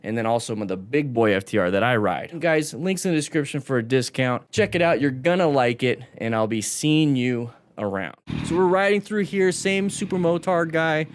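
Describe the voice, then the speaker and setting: A man's voice: mid-range voice, lively intonation, normal speed, hardly any pauses, no room sound. A man giving casual commentary over motorcycle clips, coaching viewers and talking to them directly. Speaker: motorcycle safety instructor. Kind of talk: video commentary on crash clips.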